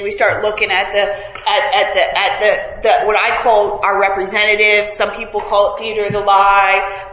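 In an echoey hall with faint noise, a woman shares her recovery story with a meeting group, joking at her own expense and often using fillers and restarting. Her voice is mid-range and a bit bright.

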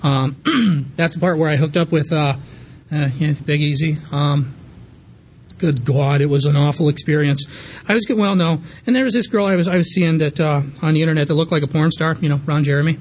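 Fast-talking man sharing his recovery story. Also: on the high side. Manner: candid, rambling with fillers and restarts. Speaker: recovery meeting speaker.

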